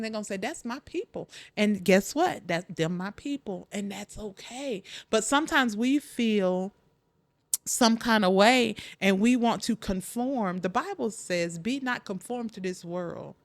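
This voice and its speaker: A woman's voice: fairly high pitch, dry recording. A Southern-accented woman in her forties hosting a faith-based motivational talk, talking straight to her listeners and keeps breaking in with "listen". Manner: animated, preachy, talks straight to listeners with lots of "listen, y'all". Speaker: podcast host and life coach.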